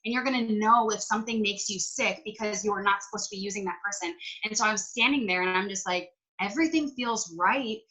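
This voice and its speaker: A woman chats on a video call, her voice bright and forward. She rambles through her story, full of "like" and acted-out bits of her own talk. She sounds like a team leader sharing with a group. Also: medium pitch, fairly quick, low-quality recording. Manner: rambling, emotional, lots of "like" and quoted self-talk. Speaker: network marketing team leader. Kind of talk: casual video call chat.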